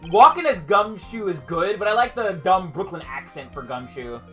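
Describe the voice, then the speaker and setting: A woman's voice: fairly low pitch, very animated, moderate pace, few pauses, fairly bright tone, faint music behind. A woman streamer giving wry, self-mocking asides while playing a game. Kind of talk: gameplay commentary with read-aloud voices.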